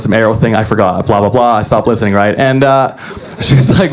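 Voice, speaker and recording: A young man doing a deadpan, self-deprecating stand-up comedy set on a club stage. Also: lowish voice, fast talker.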